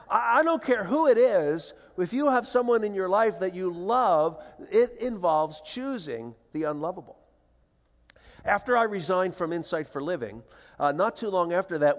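An older man in a large hall, telling funny stories to a live audience. He talks in a playful, animated way and slips into other people's voices. His voice sits slightly high, with a long reverb trailing after it. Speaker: speaker. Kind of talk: humorous storytelling talk to an audience.

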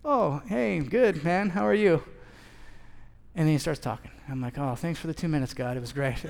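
A man's voice: high voice, expressive, fairly quick, gravelly, a little mellow. A man in his thirties preaching a sermon as a pastor, telling a story and acting out both sides of the conversation. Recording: long hall reverb.

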